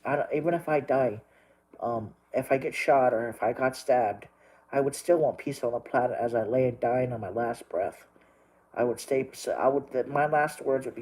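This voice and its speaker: A man's voice: medium pitch, normal speed, a little mellow, breathy edge, rough recording. A man talking straight to his viewers while crying, pleading and repeating himself, with plenty of swearing. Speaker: livestreamer. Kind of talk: emotional monologue to viewers.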